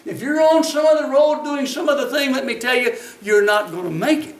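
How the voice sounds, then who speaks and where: A man's voice: extremely high pitch, brisk. A man preaching a sermon in a folksy, emphatic way. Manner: folksy, emphatic, rises to shouts when acting out voices. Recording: echoey hall, voice from a distance.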